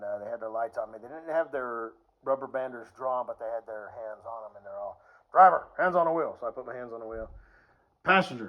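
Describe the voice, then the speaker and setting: A man's voice: medium pitch, muffled recording. A young man telling stories in a casual vlog, rambling with lots of fillers and swearing freely. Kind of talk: casual storytelling.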